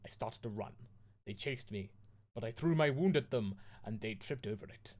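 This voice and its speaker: A man's voice: on the low side, moderate pace. A man from the United Kingdom reading bad fanfiction aloud in a mock-dramatic comic style. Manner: mock-dramatic, lively delivery.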